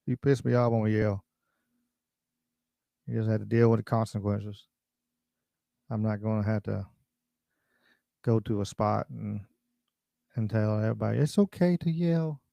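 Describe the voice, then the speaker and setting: A man's voice: fairly low pitch, monotone, moderate pace, gravelly, long pauses, no room sound, lo-fi sound. A man hosting a casual livestream talk show, blunt and rambling as he reacts to viewer comments. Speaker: podcast host.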